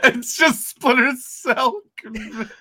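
A man's voice: very high-pitched, bright, forceful tone, no echo. A man co-hosting a casual gaming stream show, laughing often and stretching out his words. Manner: laughs often, drawn-out delivery. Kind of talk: casual joking chat.

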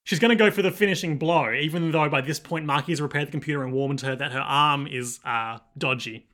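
Bright, joking man. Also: on the high side, fairly quick. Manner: joking, laughs often, rambling with fillers. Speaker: podcast co-host. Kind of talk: casual chat recapping an anime.

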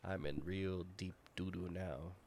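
A man's voice: deep voice, fairly even intonation, a little slow, darkish tone, a little hiss or hum. A man playing a tabletop game, playful and goofy, often laughing. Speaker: player. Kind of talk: casual tabletop role-play.

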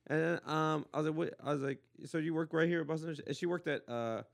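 Podcast host, male, from Los Angeles, rapid-fire rambling storyteller, laughs a lot. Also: on the high side, vocal fry. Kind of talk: casual chat, storytelling.

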